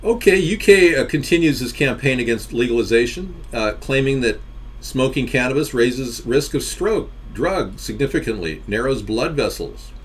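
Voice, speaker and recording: A man's voice: mid-range voice, animated, normal speed, breathy edge. Rambling, joking male stream host. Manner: rambling, joking, reacting to chat. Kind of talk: casual live-stream chat.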